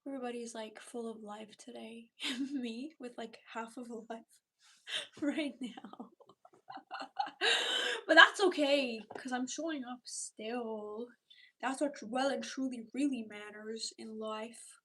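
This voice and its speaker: High-voiced chatty woman streamer. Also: steady tone, measured pace, a bit bright, recorded from a distance. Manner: chatty, reads viewer comments aloud, drops into whispered asides. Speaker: livestreamer chatting with viewers. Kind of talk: casual live-stream chat. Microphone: built-in device mic, not a dedicated microphone.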